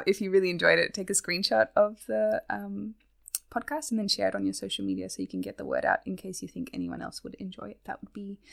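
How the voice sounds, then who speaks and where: A woman's voice: mid-range voice, gravelly, fairly bright tone. A woman with a light Australian accent, a chatty, giggly podcast guest. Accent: Australian, softened. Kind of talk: casual chat.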